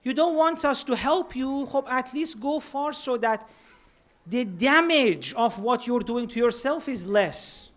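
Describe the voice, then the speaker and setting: A man's voice: extremely high pitch, lively intonation, unhurried, fairly bright tone. Earnest man preaching. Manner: earnest, mixes Persian words into English. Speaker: speaker at a religious centre. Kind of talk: sermon.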